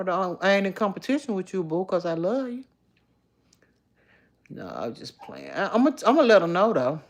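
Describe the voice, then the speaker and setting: Low-voiced chatty woman livestreaming. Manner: chatty and candid, reads viewer comments aloud. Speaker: livestream host. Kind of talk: casual live chat with viewers. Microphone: phone.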